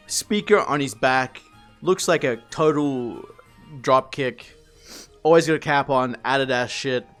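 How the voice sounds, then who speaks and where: A man with a medium-pitched voice streams live, rambling through animated stories about work to his chat while swearing and laughing.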